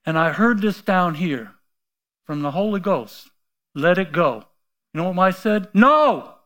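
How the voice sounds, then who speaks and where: With a high-pitched voice and lively intonation, a middle-aged pastor tells a personal story in his sermon at an unhurried pace. He acts out the quoted voices, shifting from hushed asides to loud outbursts.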